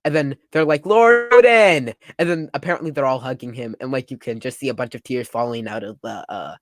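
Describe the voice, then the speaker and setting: A young man reading and reacting to a comic chapter in casual talk, excitable and full of "like". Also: medium pitch, fast, no echo. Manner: excitable, summarizing panels with frequent "like". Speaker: manga reaction youtuber.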